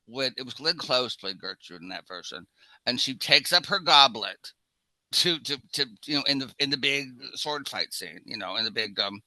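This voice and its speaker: Lively, bright-voiced older man. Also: mid-range voice, normal speed, no echo, rough recording. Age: 70s. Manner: animated anecdote-teller. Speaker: podcast co-host. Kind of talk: casual film chat.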